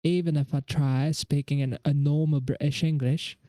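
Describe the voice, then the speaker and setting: A man's voice: on the high side, fairly even intonation, normal speed, mellow, no echo. A young man from India, streaming live and thinking aloud as he works through quiz questions in casual chat. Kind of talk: casual livestream chat while studying.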